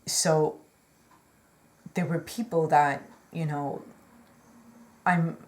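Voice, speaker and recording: A woman's voice: low-pitched, fairly even intonation, drawn-out words, darkish tone. A woman telling a personal story in a chatty, rambling way, earnest and full of fillers and apologetic asides. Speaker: vlogger.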